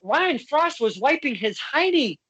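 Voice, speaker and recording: Brief: joking male podcast host, high voice, dry close recording. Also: sing-song, measured pace, sharp tone, no echo, dull audio. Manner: joking, teasing, with fillers. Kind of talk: casual podcast hosting.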